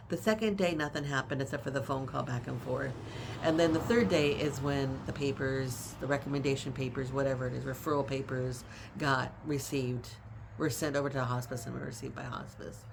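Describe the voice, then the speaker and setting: A woman's voice: very deep voice, gravelly, a little hiss or hum. A middle-aged woman who cares for her mother tells her story in a casual vlog, with emphatic, conversational retelling. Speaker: family caregiver.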